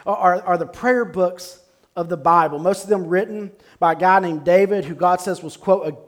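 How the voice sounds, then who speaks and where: A man's voice: sits high, moderate pace. A male pastor preaching a sermon at a church service, emphatic and repeating his key phrases.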